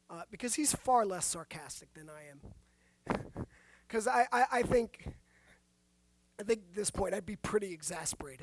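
A woman pastor preaching a sermon, animated, asking the listeners rhetorical questions and making self-deprecating asides. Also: medium pitch, dry recording.

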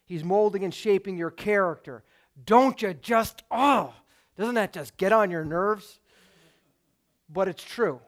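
A man's voice: sits high, a little slow, fairly bright tone. A man preaching a sermon as pastor, emphatic and putting rhetorical questions to his congregation.

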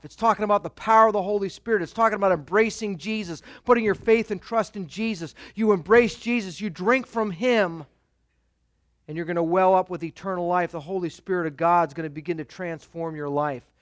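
A male pastor preaching a sermon in an animated way, acting out the voices of the people he quotes. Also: sits high, normal speed, no echo, studio quality.

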